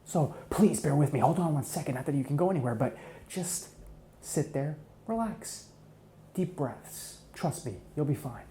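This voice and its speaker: A man voicing a smug, menacing male hitman in a whispered role-play, taunting his captive in a soft, close voice. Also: fairly high pitch, expressive, normal speed, a little hiss or hum, close to an everyday voice. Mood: menacing calm. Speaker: ASMR role-play performer.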